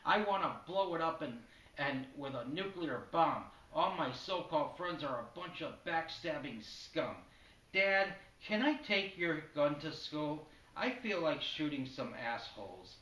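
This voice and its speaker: An unhinged, hateful teenage sitcom daughter spits bitter, vulgar rants, as a man plays her. The voice is high and bright. It comes from a distance in an echoey room. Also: animated, measured pace.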